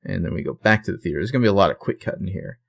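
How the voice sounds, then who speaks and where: A man's voice: deep voice, lively intonation, rapid-fire, creaky, breathy edge. A man co-hosting a podcast, casually retelling a TV episode scene by scene with fillers and self-corrections. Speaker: podcast co-host recapping a TV episode. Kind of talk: casual chat.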